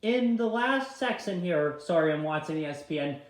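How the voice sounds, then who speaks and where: High-voiced young man chatting picks. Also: animated. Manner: chatty, quick picks with frequent apologies for misclicks. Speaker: vlogger filling out a tournament bracket. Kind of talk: casual bracket-pick commentary. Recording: echoey room sound.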